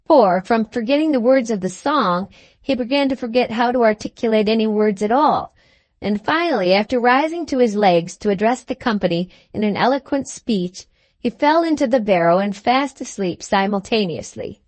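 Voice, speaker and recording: A woman reading an audiobook as narrator, measured and expressive. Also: fairly high pitch, dry recording. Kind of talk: scripted narration.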